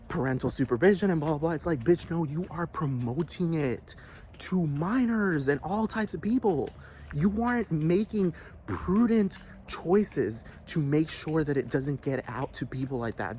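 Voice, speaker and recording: A fairly high-voiced man rants in a heated, agitated way, swearing often and circling back to the same points. He keeps demanding whether the listener understands him. A faint hiss of noise sits under the recording. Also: expressive, normal speed, a little mellow. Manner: agitated, repetitive, profane, keeps asking "do you understand". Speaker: vlogger. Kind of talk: heated rant to camera.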